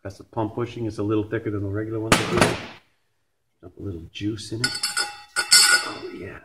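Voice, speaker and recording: Canadian transmission builder, low voice, blunt and joking, noisy shop recording. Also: male voice, level tone, fast. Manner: blunt, joking, swears casually. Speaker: transmission rebuilder. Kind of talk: casual shop talk while working.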